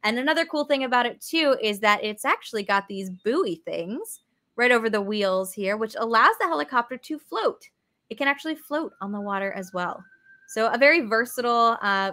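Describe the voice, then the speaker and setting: A woman's voice: a little high, bright, forceful tone. A young woman leading a live virtual museum tour, chatty and upbeat, answering viewer comments as she goes. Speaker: museum educator. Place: aircraft museum hangar.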